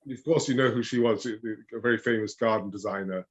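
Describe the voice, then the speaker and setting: A man speaking as a rose expert in a casual chat, hesitant with many fillers, often trailing off softly. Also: lowish voice, fast talker, muffled recording. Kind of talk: casual video-call chat.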